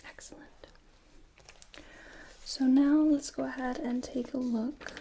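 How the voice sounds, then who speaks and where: A woman in a whispered role-play as a clinician, giving gentle, patient step-by-step instructions in a soft, breathy whisper. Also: high voice, steady tone, slow pace, slight background noise. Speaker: ASMR artist playing a clinician giving cognitive tests.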